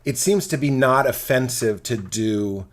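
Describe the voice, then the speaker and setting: A man's voice: medium pitch, a little slow. A man, a comedian and podcast guest, chatting casually and animatedly, often slipping into silly character voices mid-sentence.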